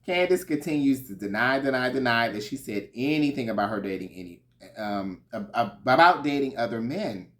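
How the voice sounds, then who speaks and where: A man's voice: mid-range voice, expressive, normal speed, fairly bright tone. A man giving a sassy, gossipy recap of a reality show, swearing freely. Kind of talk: casual recap commentary.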